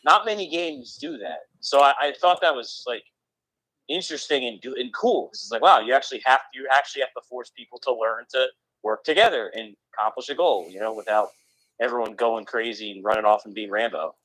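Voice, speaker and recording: A man's voice: mid-range voice, brisk, a bit bright, no echo, low-quality recording. A young man chatting casually about video games, rambling with lots of restarts.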